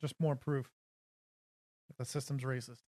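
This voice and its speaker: A man's voice: medium pitch, level tone, unhurried, a little mellow, no room sound. A man making dry, sarcastic asides in casual political commentary, swearing casually.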